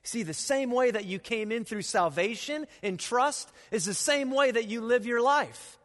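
High-voiced pastor in an echoing auditorium. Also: male voice, a little slow. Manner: animated storytelling with sound effects. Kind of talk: sermon. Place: church auditorium. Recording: long reverb of a large auditorium.

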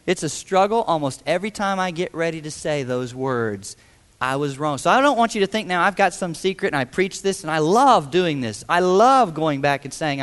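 A man preaching a sermon, telling a self-deprecating personal story with animated, humorous storytelling. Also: high voice, in a large hall. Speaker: pastor.

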